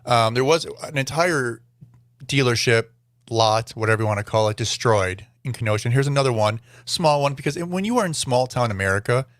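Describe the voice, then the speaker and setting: A male podcast host talks casually over news clips at a middling pitch. He rambles, corrects himself mid-sentence and drops dry, sarcastic asides. His voice sounds close and dry, with no room around it. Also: animated, brisk, fairly bright tone, no echo.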